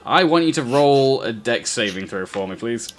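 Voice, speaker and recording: A man runs a tabletop game, describing scenes at an easy, halting pace. His voice sits at a middle pitch, and he pauses often on fillers as he narrates. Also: animated, noisy background. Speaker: game master.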